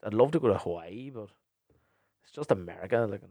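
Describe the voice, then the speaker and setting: A man's voice: fairly low pitch, animated, fairly quick, dark tone, no echo. A young man, hosting a podcast and answering listener questions in a blunt, sweary, rambling way. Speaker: podcast host and DJ.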